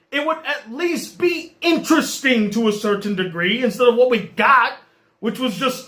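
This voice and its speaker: A man reviewing a movie in an exasperated, animated rant. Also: very high voice, moderate pace. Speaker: movie critic.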